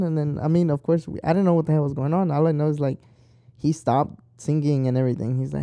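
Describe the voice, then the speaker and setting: Casual talker: young man, dark gravelly tone, dry close sound, chatty and profane. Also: on the high side, fairly even intonation, fast, dry recording. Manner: rambling, profane and talkative. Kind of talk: casual chat.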